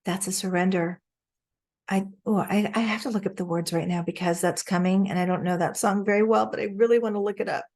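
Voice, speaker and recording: An earnest woman talks through a spiritual lesson over a video call, at an ordinary middle pitch. She sounds heartfelt and easily moved, laughing often and stopping to look things up as she goes. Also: fairly even intonation, brisk, a little mellow. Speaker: spiritual astrology teacher.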